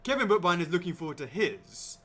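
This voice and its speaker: A man's voice: high voice, sing-song, quick pace, pushed and bright. A man co-hosting a live stream, upbeat and cheery, rattling off greetings to viewers by name in casual chat. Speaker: livestream co-host.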